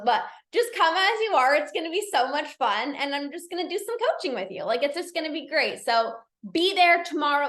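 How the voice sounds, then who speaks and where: High-pitched lady coach hyping up her listeners, chatty, kinda echoey room. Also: a bit bright. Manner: upbeat, chatty, encouraging, many "like"s and repeats. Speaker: binge eating coach and podcast host. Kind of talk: casual live-stream pep talk.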